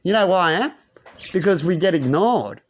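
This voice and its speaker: A man's voice: high voice, animated, moderate pace. A man delivering a rambling monologue to his channel, constantly tagging his points with a rhetorical "right?". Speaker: channel host. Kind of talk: ranting monologue to camera.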